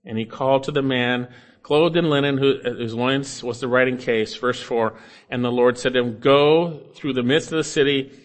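A man preaching an expository sermon, reading scripture aloud and urging listeners earnestly, rising loud then dropping low. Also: normal speed. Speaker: pastor.

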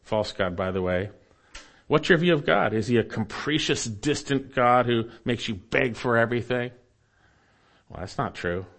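A male pastor in the middle of a sermon, reading scripture and circling back to repeat his points with earnest emphasis. His voice sits at an ordinary middle pitch for a man. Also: expressive, normal speed, fairly bright tone. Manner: earnest preaching, repeats key phrases, reads scripture aloud.

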